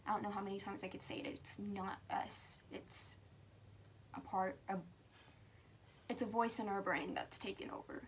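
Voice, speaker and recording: A woman's voice: mid-range voice, steady tone, moderate pace, pauses often, slight background noise. A teenage girl talking earnestly and frankly to camera as a vlogger, with emphatic stresses and stretches that drop to a whisper. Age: teen.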